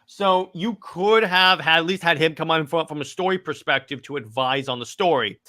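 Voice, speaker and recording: Bright-voiced man rambling in excited chat. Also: fairly high pitch, moderate pace. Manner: excited, rambling with frequent restarts and stammers. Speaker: podcast co-host. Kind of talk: casual chat.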